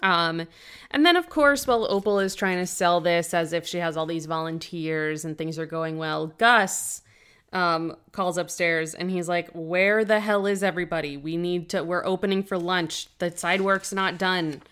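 A woman with a smooth, resonant voice runs through a book chapter on a casual podcast. She talks in a relaxed, chatty way and drops the odd swear word. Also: lowish voice, moderate pace. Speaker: podcast co-host. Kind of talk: casual book-club chat.

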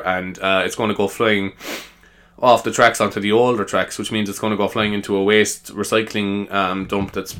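A man's voice: lowish voice, pushed and bright. A tired man with an Irish accent, hosting a comedy podcast in a rambling, chatty way, often tagging "you know" and laughing at himself. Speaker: podcast host.

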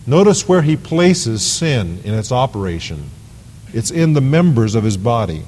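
A man's voice: medium pitch, very animated, normal speed, a little mellow. A man preaching an evening sermon as pastor, emphatic, repeating phrases for stress. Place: church sanctuary. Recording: long reverb of a large hall.

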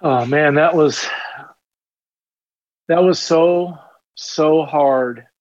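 A man's voice: on the high side, drawn-out words, a little mellow, no echo, lo-fi sound. A man in his fifties, a retired police officer, telling stories in a casual podcast interview with rambling energy and self-deprecating humor.

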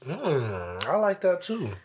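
A man's voice: on the high side, slow pace, breathy edge. A man co-hosting a casual podcast, telling stories with lots of laughing and swearing. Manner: animated, laughing, profane storytelling. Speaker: podcast co-host. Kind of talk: casual chat.

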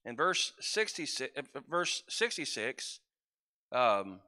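In a church sanctuary, a man preaches slowly in a sing-song, bright, forceful voice of medium pitch. His sermon mixes scripture reading with conversational prayer, and he occasionally loses his place and turns to the congregation for help.

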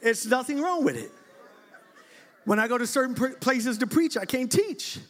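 A middle-aged man preaching a lively church sermon to his congregation, playful and animated, breaking into shouts and laughter. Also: extremely high pitch, normal speed, some chatter behind. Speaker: bishop preaching.

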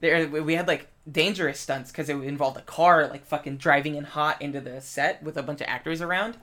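A man with a slightly high voice chatting casually, rambling with constant filler words. He swears freely as he tells a story. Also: a little fast, sharp tone. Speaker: film crew member. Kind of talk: casual chat.

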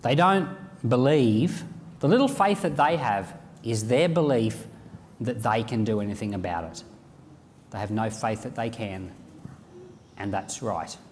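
A man preaching a sermon, reading scripture aloud and acting out the lines of imagined speakers in an animated way. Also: medium pitch, unhurried, pauses often, in a large hall, a little hiss or hum.

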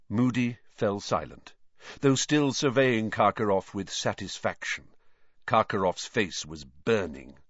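A man narrating an audiobook in an expressive storytelling manner. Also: fairly low pitch, no room sound. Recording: dry, slightly dull lo-fi.

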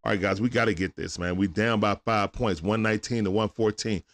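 At home at night, a man hosts a live stream, calling a game play-by-play in a casual, excitable style that jumps from hushed asides to sudden shouts. His voice is lowish and fairly quick.

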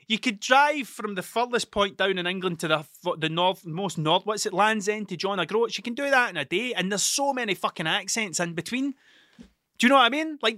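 A man with a broad Ayrshire Scottish accent rambles through anecdotes on his own podcast, cursing often and getting animated. His voice sits a little high and sounds bright and forward. It is recorded close and dry, with no room sound. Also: no room sound. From Scotland (Ayrshire). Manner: sweary, animated storytelling. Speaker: podcast host. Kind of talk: casual solo podcast chat.

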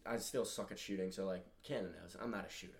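A teenage boy co-hosting a podcast, telling animated, swearing stories in casual chat. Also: sits low, quick pace. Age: teens. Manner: loud animated storytelling, swearing. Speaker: podcast co-host.

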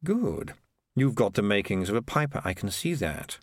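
A man's voice: on the low side, sing-song, normal speed, no room sound. Brief: sly swaggering piper, read by a man, conspiratorial, close dry mic. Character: sly swaggering male rat piper, cynical.

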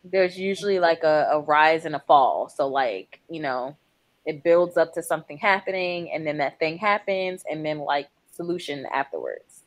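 A woman co-hosting a casual podcast, explaining things in a relaxed way with many fillers. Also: sits low, moderate pace, no room sound. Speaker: podcast co-host. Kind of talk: casual chat.

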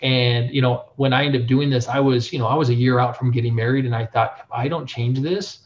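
A young adult man, a print shop owner, telling his story in a casual interview, animated and full of filler phrases. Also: medium pitch, fairly quick. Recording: dull lo-fi sound.

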